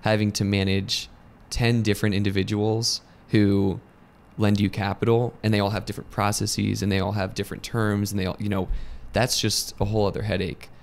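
A man's voice: lowish voice, flat delivery, brisk, creaky. A man with an American accent co-hosting a casual business discussion, explaining points step by step in a conversational way. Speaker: lending company co-host.

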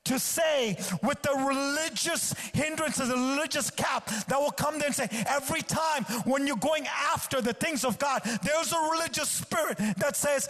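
A man's voice: very high-pitched, normal speed, few pauses, a bit bright. A male guest preacher delivering a sermon at a church service, exhorting with emphatic repetition.

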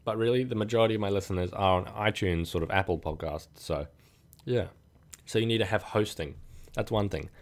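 Give me a young man, a bit low-pitched, chatting loosely as a podcast host. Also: a little mellow. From New Zealand. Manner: rambling, lots of "like" and restarts. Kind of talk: casual solo podcast talk.

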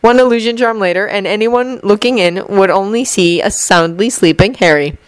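A woman's voice: medium pitch, moderate pace, smooth, no echo, low-quality recording. Woman reading a story aloud. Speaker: narrator. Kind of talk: fan fiction audiobook reading.

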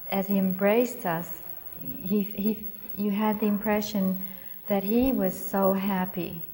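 A woman's voice: mid-range voice, dark tone. A woman in a mid-range voice tells a heartfelt memory to a gathering. She speaks sincerely and reflectively. The long reverb of a large hall surrounds her voice. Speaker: family member recounting memories. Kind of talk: casual storytelling to a group.

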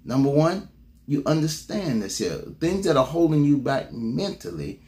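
With a sing-song delivery at normal speed, a man exhorts his congregation in a motivational sermon. He leans on call-and-response and repeated words, alternating loud bursts with low murmurs.

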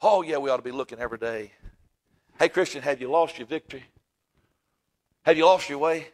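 A man preaching a fervent sermon in a church, swinging from loud exclaiming to hushed asides. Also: fairly high pitch, a little fast. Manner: fervent, swings from shouting to near-whisper. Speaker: pastor. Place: church sanctuary.

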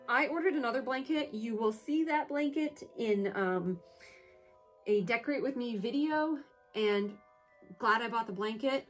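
A woman with a fairly high voice talks casually through a haul video. She gushes and gets excited, often slipping into squeals and chatty asides. Soft music plays quietly underneath. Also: a little slow. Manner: gushing and excitable, squealing over items; chatty with self-corrections and asides. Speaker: home and collectibles vlogger. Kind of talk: casual product haul chat.

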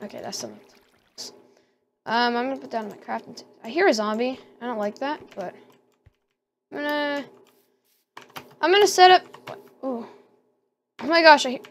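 Excitable young-sounding woman gamer, gravelly edge. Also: high-pitched. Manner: excitable, talks to herself, squeals at danger. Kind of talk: casual let's-play commentary.

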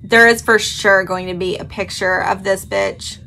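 A woman's voice: medium pitch, fairly even intonation, a little slow, gravelly, pushed and bright, slight background noise. A woman vlogger gushing dramatically over a new plant, yawning and sleepy despite her coffee. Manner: gushing, dramatic, swearing casually. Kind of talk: excited unboxing vlog.

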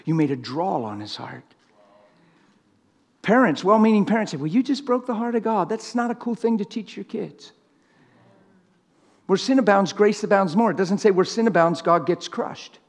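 A man preaching a sermon in a church, impassioned, swinging from loud urgent stretches to hushed, quiet ones. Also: high-pitched, lively intonation, moderate pace, pauses often. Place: church sanctuary.

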